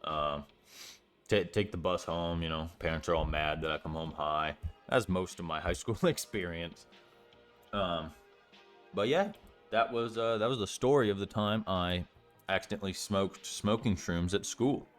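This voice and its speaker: A man's voice: low-pitched, unhurried, soft background music. A young man telling a story in a casual vlog, rambling with lots of fillers and swearing freely. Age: young adult. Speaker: storytime vlogger.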